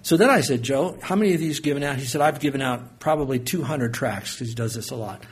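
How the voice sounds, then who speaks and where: A middle-aged man preaching a sermon, telling stories in a folksy, animated way that swings from loud to soft. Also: mid-range voice, fast talker, slightly rough. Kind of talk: sermon with storytelling.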